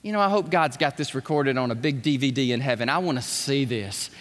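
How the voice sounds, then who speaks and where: A man preaching a sermon to his congregation, swinging from hushed asides to shouts and asking them to speak along. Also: medium pitch, fairly quick. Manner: animated, shifting from hushed to shouting, calls on the congregation. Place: church sanctuary. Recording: long hall reverb.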